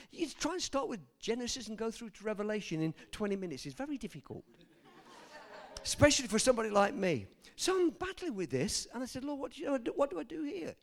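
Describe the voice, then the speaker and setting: Man, older, preacher, animated sermon, slightly high voice. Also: vocal fry. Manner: animated, swings from soft to loud. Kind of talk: sermon with personal stories.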